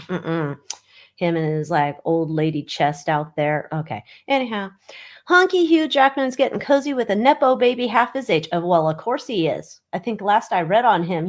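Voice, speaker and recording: Female livestream host, sarcastic and gossipy, talking into a webcam. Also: fairly low pitch. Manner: sarcastic, mocking, gossipy with big exclamations. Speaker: livestream host reading tarot on tabloid stories. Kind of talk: casual gossip livestream chat.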